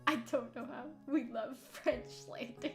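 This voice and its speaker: High-voiced chatty woman streamer. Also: steady tone, a little slow, music in the background. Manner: chatty and giggly, trailing off into quiet asides. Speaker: game streamer. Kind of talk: casual let's-play commentary.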